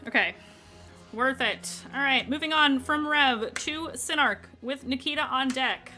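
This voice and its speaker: A woman's voice: high-pitched, a little slow, bright, forceful tone, soft background music. A woman acting as dungeon master of a tabletop game, explaining rulings and checking in with her players in a friendly, casual way.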